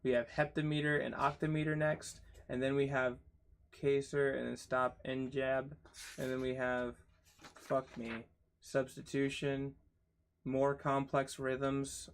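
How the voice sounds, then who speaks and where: Slow and smooth, with a mid-range voice that stays fairly flat, a young man reads a textbook out loud for his channel. Hard words trip him up, so he spells them letter by letter, muttering and swearing between sections.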